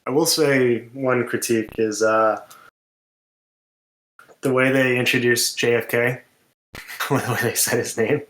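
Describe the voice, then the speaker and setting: A man's voice: medium pitch, fairly even intonation, measured pace, long pauses, a bit bright, reverberant. A man co-hosting a podcast, chatting casually about a film and rambling with lots of filler words. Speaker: podcast co-host. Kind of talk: casual film review chat.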